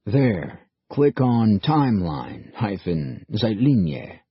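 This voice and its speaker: A calm older man explains things quietly and carefully in a husky, low voice, as the narrator puts him on. The sound is dull and muffled, with a dry, close feel. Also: no room sound, heavily acted. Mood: measured. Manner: quiet, measured.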